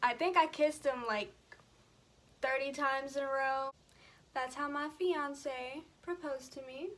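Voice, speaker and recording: A young woman with a high voice talks straight to her viewers, chatty and a little tearful as she tells a personal story. She speaks casually and breaks off now and then, putting on her makeup as she goes. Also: fairly even intonation, slow, a bit bright. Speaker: beauty vlogger.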